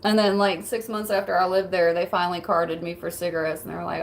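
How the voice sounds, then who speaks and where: A woman's voice: mid-range voice, brisk, gravelly, hardly any pauses, rough recording. A woman streamer in casual livestream chat, laid-back, swearing freely and laughing often as she reads messages.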